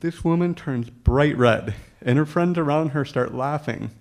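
A man's voice: on the high side, unhurried, gravelly. Chuckling male storyteller. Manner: humorous, chuckles often while telling the story; acts out dialogue with lively quoted voices. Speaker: speaker telling his story to an audience. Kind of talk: personal storytelling talk.

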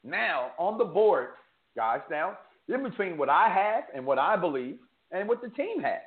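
A man hosting a sports betting show, joking and bantering, swinging from loud hype to low asides. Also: sing-song, moderate pace. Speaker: sports picks show host. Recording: echoey room over a tinny phone-like line.

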